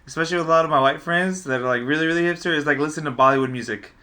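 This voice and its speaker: A man's voice: on the high side, very fast, bright, forceful tone. A man hosting a podcast in a studio, chiming in with quips and laughing often. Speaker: podcast host. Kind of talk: casual podcast chat.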